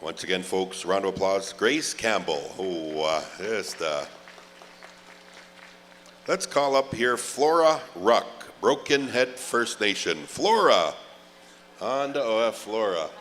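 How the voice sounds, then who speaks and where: A man emceeing a live event, calling names slowly with drawn-out "oh, uh" fillers and light joking asides. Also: fairly low pitch, expressive, a bit bright, big-room sound, slight background noise. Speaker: pow wow emcee. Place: large outdoor event grounds.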